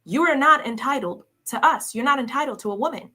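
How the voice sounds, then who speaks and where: A woman's voice: sits high, brisk, bright, forceful tone. A woman hosting a reaction commentary, talking in a scornful, combative way and repeating her questions mockingly. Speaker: commentary host reacting to clips.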